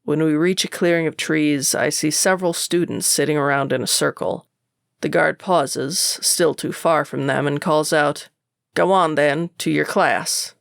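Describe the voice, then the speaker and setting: A woman narrating a first-person audiobook in a sardonic, even storytelling manner. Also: low voice, moderate pace, vocal fry, dry recording, studio quality.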